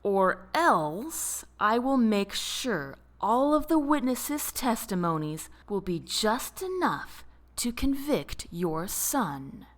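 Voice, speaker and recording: A woman voicing a corrupt male judge who speaks calmly and with contempt. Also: mid-range voice, slow. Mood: smug calm. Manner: calm, contemptuous. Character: corrupt smug male judge, calm and wicked.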